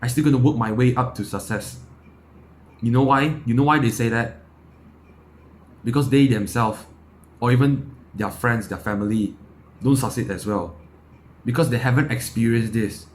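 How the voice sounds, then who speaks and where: A man's voice: mid-range voice, moderate pace, pauses often. A young man from Malaysia giving a blunt, impassioned motivational monologue, swearing, firing off rhetorical questions and repeating his words. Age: young adult. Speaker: self-improvement YouTuber.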